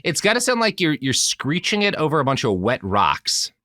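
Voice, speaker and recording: A man's voice: a little high, wildly swooping pitch, moderate pace, pushed and bright, slight background noise. A man hosting a podcast, joking and bantering playfully with his co-hosts. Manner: jokey, playful, swings his voice up and down. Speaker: podcast host.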